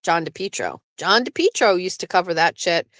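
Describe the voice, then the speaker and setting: Her voice runs on the low side at a moderate pace, and the recording has no room sound. This show host from southeastern Massachusetts keeps the chat casual and rambling, swearing freely and laughing often in a lively way.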